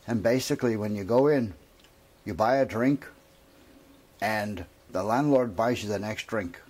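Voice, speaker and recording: A man's voice: lowish voice, measured pace, darkish tone. A man doing a bragging Liverpool pub regular. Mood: matter-of-fact.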